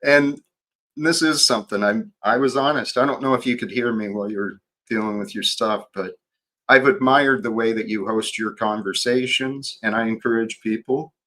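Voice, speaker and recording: A man hosting his own livestream, talking in a slow, reflective way with frequent restarts. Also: mid-range voice, pushed and bright. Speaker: livestream host. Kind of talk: casual livestream chat.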